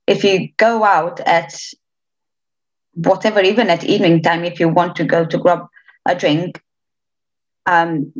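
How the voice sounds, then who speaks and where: Chatty young woman from Romania. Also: lowish voice. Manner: chatty, hesitant restarts, laughs often. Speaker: interviewee. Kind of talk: casual interview chat. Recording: slightly dull lo-fi sound.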